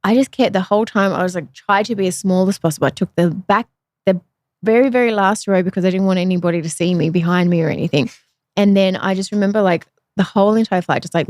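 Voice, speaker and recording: A woman's voice: lowish voice, dry recording, studio quality. A woman from Australia, hosting a podcast and telling her own story in a frank, chatty, self-deprecating way. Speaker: podcast host. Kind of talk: candid conversational storytelling.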